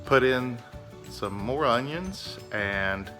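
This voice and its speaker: A man narrating his home cooking in a relaxed, chatty way, with many fillers. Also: mid-range voice, takes it slowly, faint music behind. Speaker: home cook.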